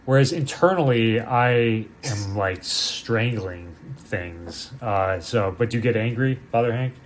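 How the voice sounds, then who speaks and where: A man, a priest co-hosting a casual podcast, who jokes and teases and cuts in with quick asides, with faint music behind him. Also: medium pitch, a little hiss or hum. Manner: joking, teasing, interrupts with quick asides. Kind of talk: casual chat.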